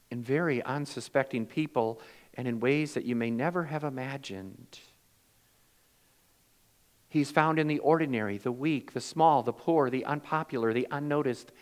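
A man's voice: medium pitch, moderate pace, in a large hall. Man preaching with dramatic volume swings. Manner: dramatic swings from loud emphasis to hushed near-whispers; acts out quoted voices in storytelling. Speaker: pastor. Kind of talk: sermon.

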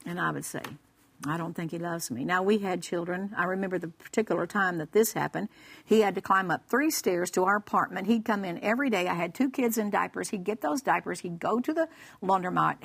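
A woman's voice: medium pitch, brisk, creaky, husky. A woman giving a humorous personal testimony on a Christian broadcast and acting out the dialogue as she tells it. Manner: lively storytelling, acting out dialogue; humorous, laughs while telling. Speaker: guest speaker.

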